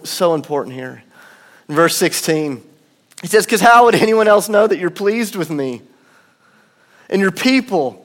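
A man in his thirties preaching a sermon as pastor, earnest and emphatic, slowing down for weight and dropping to soft low asides. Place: church auditorium.

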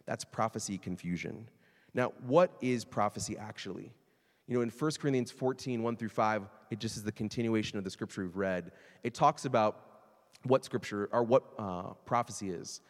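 A man preaching a sermon in a conversational, animated way, sometimes acting out quoted voices. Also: on the low side, normal speed, long reverb tail. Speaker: pastor.

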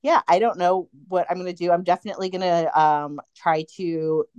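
A woman's voice: on the low side, steady tone, fairly quick, darkish tone, clear, resonant tone, no echo, lo-fi sound. A woman co-hosting a podcast, chatting casually and animatedly, often acting out quotes. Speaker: podcast co-host. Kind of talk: casual fan chat.

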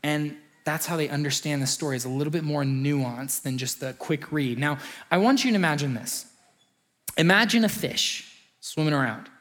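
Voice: mid-range voice, moderate pace, a bit bright. A preacher giving a sermon, conversational and story-driven, often acting out short quotes.

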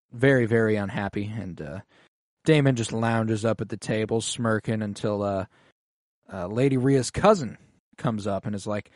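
A man's voice: on the low side, a little mellow, dry recording, clean studio sound. A man in casual podcast chat, retelling TV episodes loosely, with lots of fillers and swearing. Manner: loose, profane storytelling with many fillers. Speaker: podcast co-host.

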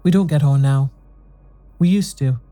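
A narrator voicing a weary, unhappy husband who answers quietly and steadily. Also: medium pitch, moderate pace, soft background music, natural voice. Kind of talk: audiobook dialogue reading.

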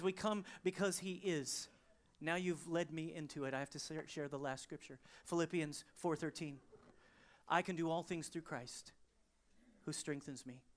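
A woman serving as pastor delivers a sermon at a church service, moving between soaring proclamation and quiet, intimate prayer. Her voice is low and her pace measured.

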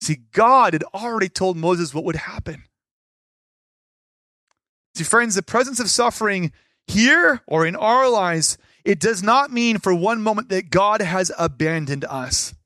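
High-voiced pastor preaching with animated emphasis. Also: male voice, unhurried, no room sound, clean studio sound. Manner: animated, shifts between loud emphasis and quiet asides. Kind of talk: sermon.

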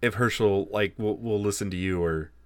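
A man narrating a tabletop horror game as game master, animated and laughing along. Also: fairly low pitch, moderate pace, dry recording.

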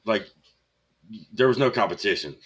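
Low-voiced joking man on a podcast. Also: lively intonation, normal speed. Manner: teasing storyteller, loose and joking. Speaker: podcast co-host. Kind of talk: casual chat.

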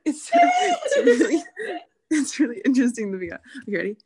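Young woman, laughs a ton, super animated voice. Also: high voice, moderate pace, breathy edge. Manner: laughing, enthusiastic. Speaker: guest. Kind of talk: casual chat.

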